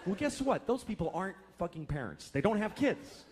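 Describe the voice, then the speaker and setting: Man, thirties, stand-up comedian, profane, exasperated, fairly high voice, noisy live club audio. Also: very animated. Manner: profane, exasperated, acts out characters in quick asides. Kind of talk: stand-up routine. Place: comedy club stage with laughing audience. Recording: live club recording with audience noise. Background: audience laughter.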